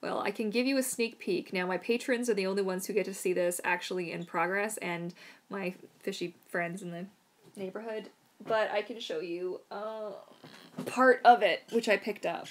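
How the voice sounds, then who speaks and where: A woman's voice: mid-range voice, steady tone, normal speed. A woman casually answering viewer questions on a live stream, chatty and rambling, unwell with throat trouble. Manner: chatty, rambling, soothing her dog in whispers.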